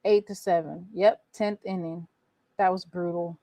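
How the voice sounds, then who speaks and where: A woman's voice: on the low side, fairly even intonation, unhurried, mellow, no echo. A woman hosting a casual sports recap stream, talking to viewers as y'all and reacting to scores with exasperation. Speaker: sports show host.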